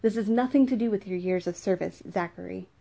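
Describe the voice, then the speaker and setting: A woman's voice: mid-range voice, normal speed, creaky. Woman voicing a stern, commanding king. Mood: angry. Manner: sharp, commanding. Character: stern but forgiving male king.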